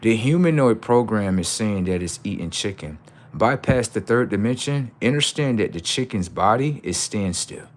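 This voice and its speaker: A man with a fairly low voice lectures his livestream chat, repeating his points over and over. He swears freely, asks rhetorical questions, and sometimes bursts into loud outbursts. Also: animated, normal speed. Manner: preachy, repetitive, profane, jumps into loud outbursts. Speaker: livestream host.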